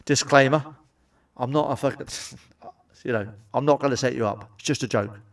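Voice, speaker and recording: A man's voice: medium pitch, moderate pace. Man, stand-up comedian, crude and sweary, distant mic. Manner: blunt, sweary, asides to the audience. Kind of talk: crude stand-up joke telling.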